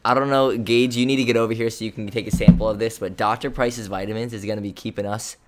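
A man's voice: on the low side, steady tone, fast, heavy background noise. A man doing an upbeat, casual sponsor read on a podcast. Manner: upbeat, promotional. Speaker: podcast co-host.

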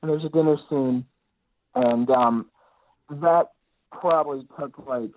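A man's voice: mid-range voice, slow pace, a little mellow, no room sound, low-quality recording. Easygoing young-sounding male actor guest. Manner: easygoing, rambling with many fillers. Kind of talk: casual interview chat.

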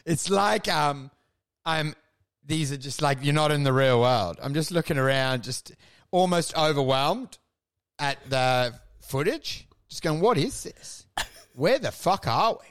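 A man, co-hosting a comedy podcast, rambling through crude stories and acting out scenes in shouted high voices. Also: animated, unhurried. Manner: crude, swears often. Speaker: podcast co-host.

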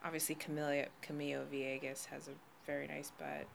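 A woman's voice: sits low, flat delivery, a little fast, creaky, background noise. A woman chatting casually on a podcast, blunt and playful, often laughing.

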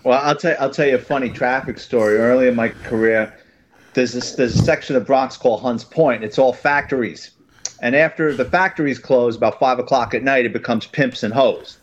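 A man's voice: medium pitch, a little fast, dull audio, a little hiss or hum. A man, a police officer, tells a story animatedly and acts out the dialogue. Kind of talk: casual storytelling.

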